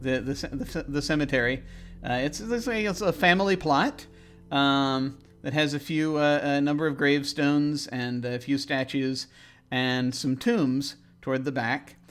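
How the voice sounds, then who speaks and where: Male game master, halting narration, mid-range voice, frequent ums. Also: mid-range voice, steady tone, a bit bright, clear, resonant tone, faint music behind. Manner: halting, many ums and restarts.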